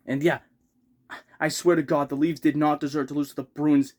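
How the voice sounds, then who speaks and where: A man with a somewhat high voice rants like a heartbroken hockey fan. He circles back over the same complaints, swears freely and keeps flaring up into louder outbursts. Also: flat delivery, fast. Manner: exasperated, repeats himself, swears, rising outbursts. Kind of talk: ranting fan vlog.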